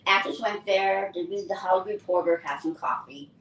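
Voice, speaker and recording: An older woman, an actress, recounting her career in a lively, anecdotal interview style. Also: medium pitch, brisk, slight background noise. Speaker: actress and guest. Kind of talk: casual interview storytelling. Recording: roomy distant mic with faint ambience.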